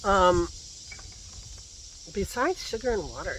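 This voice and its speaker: A vlogger films himself on a phone held at arm's length in his garden, rambling and chatting casually and laughing to himself, with a slight lingering cough. His voice is fairly high, sing-song, and sharp, at a measured pace, and there's a little hiss or hum.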